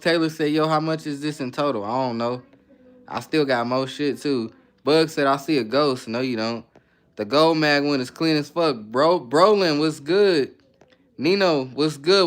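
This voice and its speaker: A man hosting a casual livestream, reading viewer comments aloud and greeting people by name with quick, laid-back replies. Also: a little high, clear, resonant tone. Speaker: livestream host.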